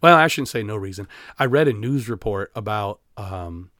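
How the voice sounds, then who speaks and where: A man in his forties from Iowa talks openly as a podcast guest, halting and reflective, circling back through fillers and restarts. His voice sits low. The studio mic sound is close and dry. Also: lively intonation, bright, forceful tone, no echo. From Iowa, USA. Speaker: guest, band teacher. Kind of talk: candid personal interview. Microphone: studio podcast microphone.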